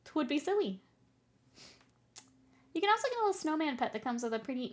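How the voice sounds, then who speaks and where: A woman's voice: high-pitched, sing-song, brisk, pauses often, darkish tone. A woman streamer chatting casually with viewers while she paints miniatures. She is playful and rambling, pokes fun at herself, and often breaks into giggles between remarks. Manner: playful, rambling and self-mocking.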